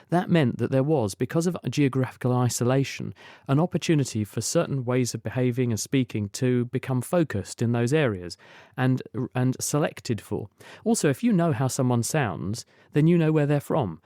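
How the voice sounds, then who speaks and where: A man with a mellow, rounded voice explains the science patiently and fluently to a radio caller. His delivery is lecturing but conversational, and the recording is dry and close. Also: medium pitch, no room sound. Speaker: science expert answering listener questions.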